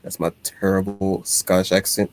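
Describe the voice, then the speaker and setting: Speaking at a moderate pace, a man with a low-sitting voice runs a laid-back livestream. He reads comments from chat and wanders off on animated tangents, frequently starting over mid-sentence.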